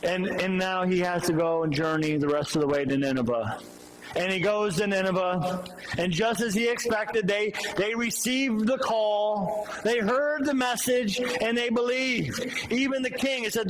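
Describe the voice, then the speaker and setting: A man's voice: sits high, normal speed, noisy background. A male pastor preaching a sermon, retelling a Bible story in a loose, storytelling way with restarts and asides.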